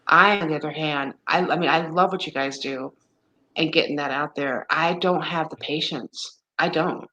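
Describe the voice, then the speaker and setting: A woman's voice: deep voice, moderate pace, pushed and bright, rough recording. A woman in her fifties in casual chat with a friend, rambling and exasperated, talking wearily about exhaustion, full of restarts. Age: 50s. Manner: weary, complaining of exhaustion.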